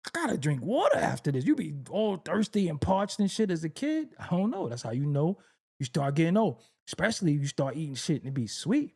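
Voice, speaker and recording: Middle-aged New man riffing in a loose comedic monologue, gravelly voice with lively pitch swings. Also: fairly quick. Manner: animated storytelling, acts out exasperated voices, laughs often. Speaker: rapper talking on camera.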